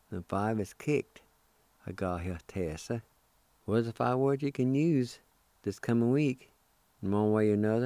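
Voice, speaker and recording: A radio host teaches a language lesson in an unhurried, deliberate way. He spells words out letter by letter and repeats them. His voice is low, mellow and dry, close to the mic. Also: no room sound.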